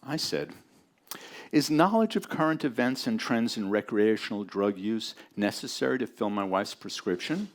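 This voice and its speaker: Man, deep low voice, relaxed, dry, reading a story aloud to a crowd. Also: moderate pace. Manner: relaxed, conversational, dry delivery. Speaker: event speaker reading a friend's story. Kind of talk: live reading to an audience.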